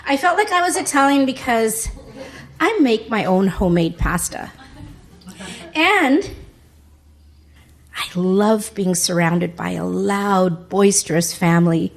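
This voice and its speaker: Animated, unhurried comedienne. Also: female voice, medium pitch, vocal fry. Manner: chuckles through her punchlines. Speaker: stand-up comedian. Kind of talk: stand-up comedy set.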